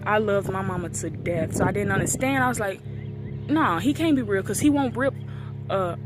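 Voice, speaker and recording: A woman in her twenties tells a painful memory in a casual, unscripted way, recorded outdoors near a street. Her voice sits at a middle pitch. She slips into the voices of the people she quotes. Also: animated, moderate pace, music in the background. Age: 20s. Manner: emotional, acts out quoted dialogue. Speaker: vlogger. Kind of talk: casual storytelling.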